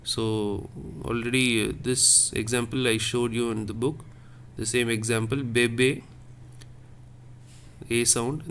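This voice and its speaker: A French teacher gives a classroom lesson on French accents in a steady, medium-pitched, fairly bright voice at a measured pace. He is patient and repetitive, explaining step by step and going over each point again, with faint background noise behind him.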